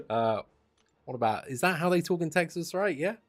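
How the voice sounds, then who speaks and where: A very animated game streamer with a fairly high voice talks at normal speed, with long pauses, while playing live over soft background music. Chatty and self-deprecating, he says "mate" and "dude" constantly.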